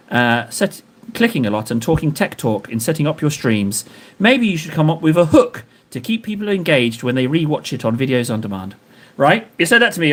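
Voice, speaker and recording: His voice is high-pitched with a fairly bright tone. The man is painting miniatures on a stream, trading jokes and rambling banter with viewers.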